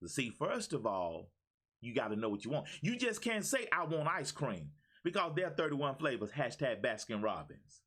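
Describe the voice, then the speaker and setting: Animated preaching life coach man. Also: mid-range voice, normal speed, breathy edge. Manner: preachy, repetitive, calls out viewers by name. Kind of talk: motivational live-stream talk.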